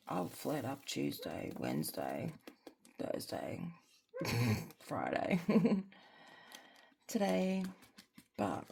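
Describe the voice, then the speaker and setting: Gravelly low-voiced Australian woman. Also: a little hiss or hum. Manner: rambling, candid, drifting into soft near-whispers. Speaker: crafting vlogger. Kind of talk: casual chat while crafting.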